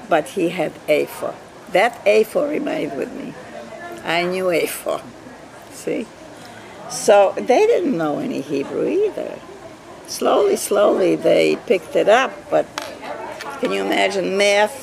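An older woman whose first language is Yiddish, telling her life story slowly in an oral history interview, repeating words for emphasis. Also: on the low side, gravelly. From Eastern Europe. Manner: slow, reflective storytelling with emphatic repetition.

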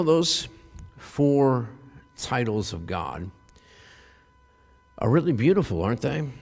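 Man preaching in a reverberant hall. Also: medium pitch. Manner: animated storytelling with many fillers and restarts. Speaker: pastor. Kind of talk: sermon retelling a film.

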